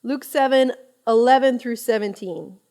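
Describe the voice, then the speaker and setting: A woman in her thirties giving a conversational Bible study talk, chatty and expressive, often laughing as she teaches. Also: fairly high pitch, normal speed.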